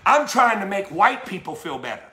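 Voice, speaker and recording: A man's voice: high voice, very animated, moderate pace, bright, forceful tone. A man preaching an impassioned sermon as a bishop, fervent, stumbling over repeated words and firing rhetorical questions. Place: church. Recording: echoey church sanctuary.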